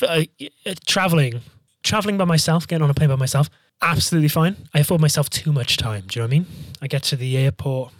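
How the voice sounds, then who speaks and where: A man's voice: fairly high pitch, no echo, clean studio sound. A man telling long, jokey travel stories in casual chat, swearing freely and rambling.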